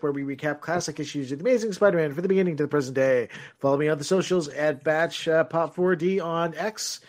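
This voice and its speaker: Man with a slightly high voice, podcasting. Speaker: podcast co-host. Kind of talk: casual movie commentary chat.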